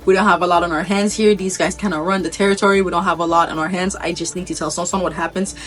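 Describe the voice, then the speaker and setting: A woman voicing a weary, resigned father who speaks quietly and low. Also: fairly even intonation, fast, soft background music, close to an everyday voice.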